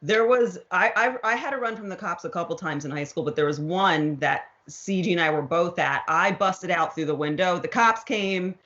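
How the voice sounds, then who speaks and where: A woman's voice: lowish voice, normal speed, hardly any pauses, fairly bright tone, dull audio. A woman co-hosting a podcast, trading teasing banter in a casual chat. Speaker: podcast co-host.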